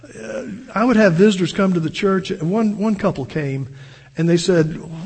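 A man's voice: high-pitched, unhurried, darkish tone, slightly rough, long reverb tail. An older man preaching a sermon as pastor, earnest and storytelling, often restarting his sentences.

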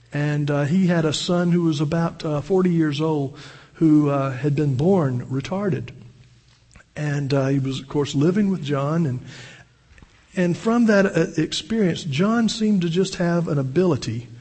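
A man's voice: a little high, unhurried, darkish tone, long reverb tail. An older man preaching a sermon as pastor, earnest and storytelling, often restarting his sentences.

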